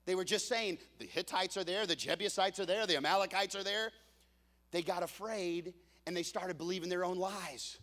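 A man preaching a sermon as pastor, telling the story with joking asides and swinging from loud peaks to hushed lows. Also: very animated, normal speed, in a large hall.

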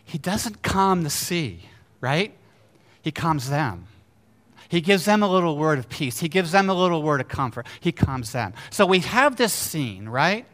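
High, bright-voiced preacher with dramatic swings. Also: male voice, very animated, unhurried. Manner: dramatic swings between loud exclamations and hushed storytelling; asks the congregation rhetorical questions. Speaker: pastor. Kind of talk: sermon.

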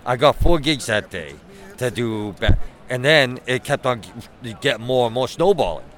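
A man's voice: mid-range voice, expressive, moderate pace, fairly bright tone. A middle-aged man, a costumed hero cosplayer chatting in an outdoor interview, self-deprecating and fond of puns. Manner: chatty, self-deprecating, punny, acts out quotes. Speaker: Batman cosplayer. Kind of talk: casual interview chat.

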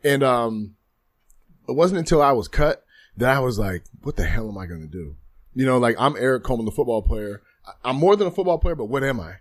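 A man's voice: mid-range voice, lively intonation, a little fast. A man in his thirties, a guest in a podcast studio, speaking candidly and reflectively about his life, often repeating phrases. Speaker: guest, former football player. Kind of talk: candid interview storytelling.

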